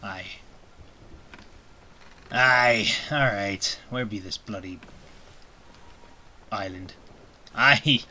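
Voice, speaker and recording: Brief: male streamer, joking pirate-speak, slow delivery, bright voice. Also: lowish voice. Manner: jokey mock-pirate talk. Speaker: gaming streamer. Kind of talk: live gameplay commentary.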